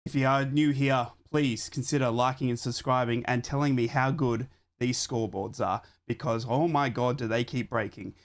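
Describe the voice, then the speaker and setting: A young man hosting a live football watchalong stream from home, hoarse from a chest infection and thanking viewers over and over. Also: medium pitch, fairly even intonation, normal speed, few pauses. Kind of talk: excited live-stream chat. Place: home streaming setup in Australia.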